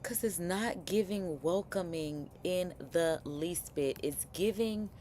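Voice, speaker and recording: A woman hosting a livestream reaction chat, talking in a chatty, expressive way with lots of slang. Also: fairly low pitch, takes it slowly, few pauses, slight background noise. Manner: chatty and expressive, slang-heavy, frequent laughs.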